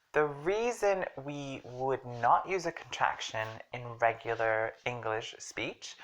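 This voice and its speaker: Very low-voiced woman teaching English. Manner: chatty, jokey, emphatic explaining. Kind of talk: casual online language lesson.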